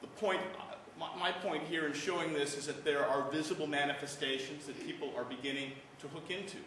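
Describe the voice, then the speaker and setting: A man giving a university lecture, animated and prone to restarting his sentences. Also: a little high, a little fast, slight background noise. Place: lecture hall. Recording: echoey lecture hall.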